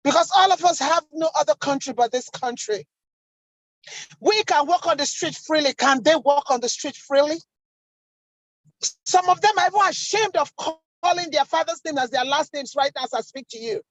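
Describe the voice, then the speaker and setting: Nigerian woman, high, dry, fiery rhetorical protest speaker on a call. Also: normal speed, dry recording, poor audio. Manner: angry, rhetorical questioning. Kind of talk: impassioned online protest speech. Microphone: video call.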